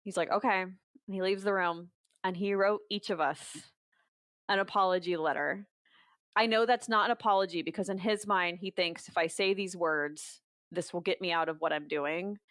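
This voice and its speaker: A young adult woman, a podcast guest, telling her story quickly and acting out quoted dialogue. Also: lowish voice, fairly even intonation, a bit bright, no room sound, studio quality. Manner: fast storytelling, quoting others in dialogue. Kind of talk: podcast conversation.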